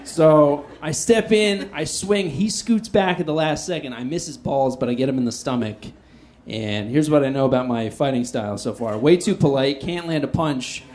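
Animated self-mocking male stand-up comic. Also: on the high side, moderate pace. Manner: self-deprecating, animated, swings between loud outbursts and hushed asides. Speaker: stand-up comedian. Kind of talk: stand-up storytelling.

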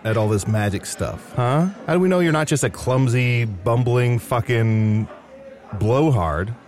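Incredulous, animated man. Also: medium pitch, unhurried. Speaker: player. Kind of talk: improvised role-play.

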